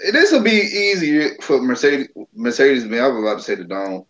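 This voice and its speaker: A man's voice: medium pitch, animated, fairly quick, fairly bright tone. A man co-hosting a podcast in a casual, laid-back way, correcting himself as he talks. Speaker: podcast co-host. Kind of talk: casual chat.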